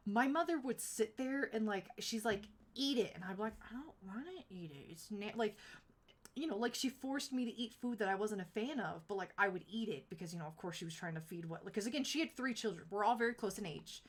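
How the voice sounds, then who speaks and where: A young adult woman streaming live, chatting casually and rambling through stories with lots of "like" and quick laughs. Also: mid-range voice, animated.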